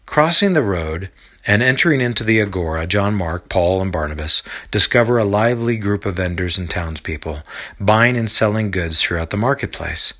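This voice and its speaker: A man narrating a scripted audio drama in a lively storytelling manner. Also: on the low side, brisk.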